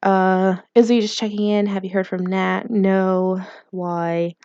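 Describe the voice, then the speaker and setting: A woman's voice: mid-range voice, little pitch movement, slow pace, darkish tone, clean tone, no echo, lo-fi sound. A woman playing a mobile game, reading its text messages aloud in light put-on voices and chatting casually, laughing often. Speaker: gaming YouTuber.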